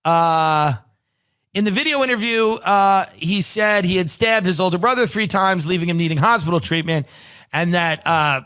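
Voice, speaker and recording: Sardonic male comic host, thirties, reading news aloud and riffing; high, bright voice. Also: moderate pace, clear, resonant tone. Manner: sardonic, reads news articles aloud and riffs on them. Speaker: podcast host. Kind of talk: comedic commentary.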